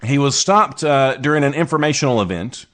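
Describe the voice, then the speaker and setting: A man from the States hosts his own show and riffs on strange news with a sarcastic, rambling delivery. His pitch swings widely as he jokes through each story. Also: animated, a little fast, fairly bright tone. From United States. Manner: sarcastic, rambling asides with restarts. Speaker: podcast host. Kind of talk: casual comedic news commentary.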